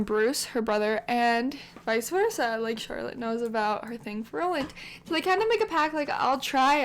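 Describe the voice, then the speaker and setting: A woman hosting a game channel, narrating her life-sim story in a rambling, chatty way with lots of filler words. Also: a little high. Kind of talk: casual let's-play commentary.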